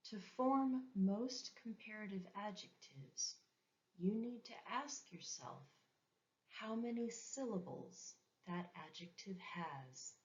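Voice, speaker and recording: A woman with a medium-pitched, animated voice teaches an English grammar lesson, taking it slowly. She speaks carefully and repeats example words for learners in a slow, deliberate style. The recording is dull and lo-fi.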